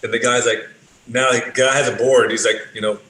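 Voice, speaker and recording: A man's voice: mid-range voice, little pitch movement, a little fast, a bit bright. Laid-back swearing man, roomy sound. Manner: laid-back, swears a lot, many fillers. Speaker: podcast guest. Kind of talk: casual storytelling. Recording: roomy with faint ambient noise.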